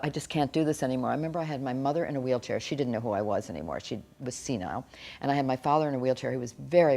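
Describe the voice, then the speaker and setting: A middle-aged woman giving an earnest, halting personal account in an interview, often restarting her sentences. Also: sits low, creaky, darkish tone. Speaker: author interviewee.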